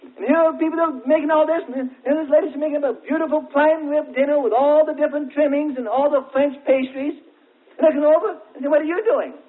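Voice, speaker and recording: A man with a very high-pitched voice delivers a sermon, leaning on folksy everyday stories and stretched-out, pointed questions. The sound is thin and tinny, as if carried over a narrow phone-like line. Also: steady tone. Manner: folksy storytelling with everyday examples; drawn-out, emphatic questions. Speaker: preacher. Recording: tinny, narrow-band old recording.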